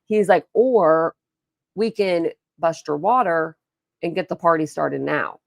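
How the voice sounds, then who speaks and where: Young woman, livestream host: low, gravelly voice, rambling chatty storyteller, dry close sound. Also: takes it slowly, dry recording. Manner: rambling storytelling, chatty, reads and answers chat. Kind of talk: casual livestream chat.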